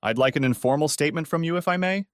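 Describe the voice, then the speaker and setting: A man's voice: on the high side, fast talker, no echo, studio quality, voice pushed up, natural voice. A man voicing a middle-aged police inspector who speaks in a formal, courteous way.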